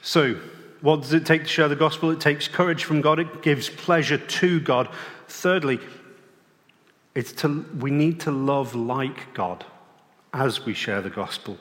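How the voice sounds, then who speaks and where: A man preaching a sermon in a plain-spoken, conversational way, pausing and restarting now and then. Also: a little high, fairly bright tone. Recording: long reverb of a large hall.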